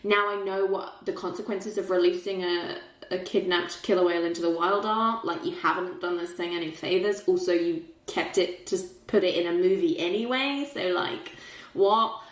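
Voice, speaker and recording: A woman hosting a podcast, retelling a film in casual chat with animated, emotional pitch jumps. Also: normal speed. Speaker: podcast host. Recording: roomy echo.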